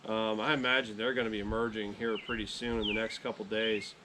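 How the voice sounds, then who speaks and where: A man chatting casually to camera outdoors beside his beehives in a relaxed, rambling way, often correcting himself. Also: lowish voice, a little fast, noisy background. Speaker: beekeeping vlogger.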